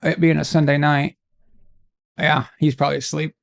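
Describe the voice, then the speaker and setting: Man, higher-pitched voice, live-stream host, casual rambling banter, jokey, sudden outbursts. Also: level tone, moderate pace, creaky. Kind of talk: casual watch-along chat.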